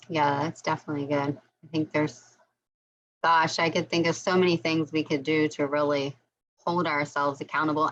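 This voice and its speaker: A woman's voice: low-pitched, fairly bright tone, lo-fi sound. A woman leading a casual book club discussion over a video call, encouraging the others and asking questions.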